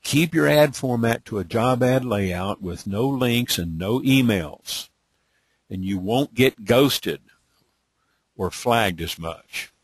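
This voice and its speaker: Husky Texas man hosting a webinar. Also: mid-range voice, expressive, takes it slowly, no room sound. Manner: repetitive, drawling, many "okay?" check-ins. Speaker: webinar host. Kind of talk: live online training webinar.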